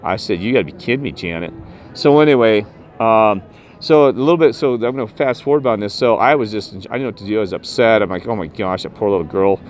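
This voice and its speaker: A man vlogging a rambling personal story about spirits, emphatic and jumping up in pitch when he quotes himself. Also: fast, faint music behind. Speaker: paranormal vlogger.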